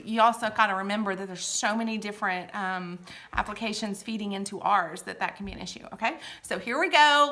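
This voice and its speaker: A middle-aged woman with a bright, forceful, medium-pitched voice shares shopper tips in a casual, chatty vlog. She sounds reassuring and fills her talk with fillers and asides.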